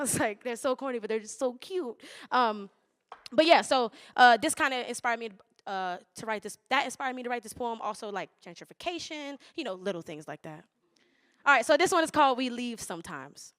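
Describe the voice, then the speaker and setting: A young woman performing spoken word poetry, with rhythmic, measured recitation and loose, laughing, swearing banter between poems. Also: a little high, animated, fairly bright tone.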